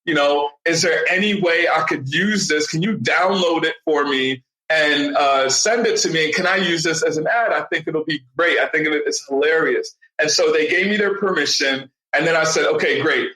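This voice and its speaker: A man's voice: on the high side, normal speed, few pauses, echoey room, rough recording. A young man, a podcast guest, telling stories in a casual interview and acting out what people said. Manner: animated storyteller, acts out quotes. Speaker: podcast guest, digital marketing strategist.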